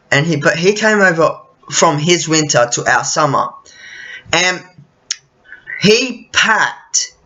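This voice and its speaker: A man's voice: a little high, sharp tone, dull audio. An Australian man vlogging in a casual, profane, rambling rant full of restarts and fillers. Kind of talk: casual ranting monologue.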